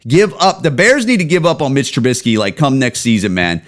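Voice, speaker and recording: A man's voice: mid-range voice, big pitch swings, brisk. Profane ranting man in his forties. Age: 40s. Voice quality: profane, rambling, heated. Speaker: podcast host. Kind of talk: casual solo podcast rant. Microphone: home camera setup.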